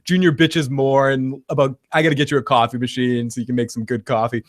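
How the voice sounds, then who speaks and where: A man co-hosting a casual TV recap chat, animated, laughing often and acting out quotes. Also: medium pitch, fast talker. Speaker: podcast co-host.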